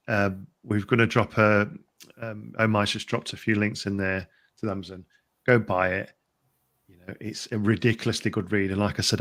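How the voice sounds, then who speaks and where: A man's voice: fairly low pitch, creaky, a bit bright. A man hosting a casual fan-channel live stream, chatting with a guest and talking straight to the viewers in the chat. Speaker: host of a fan channel livestream.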